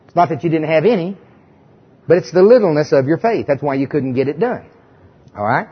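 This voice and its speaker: Husky high-voiced man preaching. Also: lively intonation, brisk. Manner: conversational, emphatic, asks the audience questions. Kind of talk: sermon. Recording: dull lo-fi recording.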